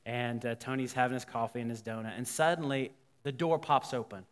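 A man, a pastor, telling a story in a sermon, animated and voicing the people in it. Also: medium pitch, brisk. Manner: animated, quoting characters. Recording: long hall reverb.

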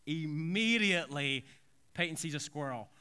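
A man, a pastor, telling stories in a sermon, animated and conversational, with quick asides and restarts. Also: a little high, clear, resonant tone. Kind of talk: storytelling sermon. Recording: long hall reverb.

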